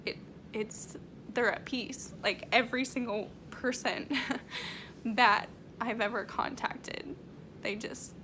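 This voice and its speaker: A woman working as a medium, talking emotionally in a vlog, close to tears, halting with many restarts and fillers. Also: a little high, fairly even intonation, background noise.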